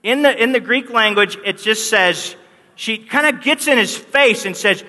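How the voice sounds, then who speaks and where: A man's voice: high-pitched, animated, normal speed, pushed and bright. A man preaching a sermon, telling the story with animation and acting out the quoted lines. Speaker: pastor. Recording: long hall reverb.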